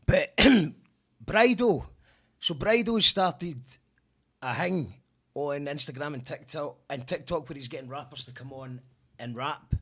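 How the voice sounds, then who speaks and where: A man's voice: fairly high pitch, a little slow, fairly bright tone, husky. A Scottish man hosting a casual interview, blunt and rambling with lots of restarts. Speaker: host.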